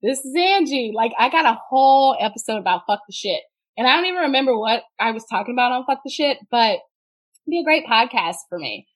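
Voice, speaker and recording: A woman's voice: a little high, lively intonation, fairly quick. Profane, laughing woman podcast guest. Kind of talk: casual podcast chat.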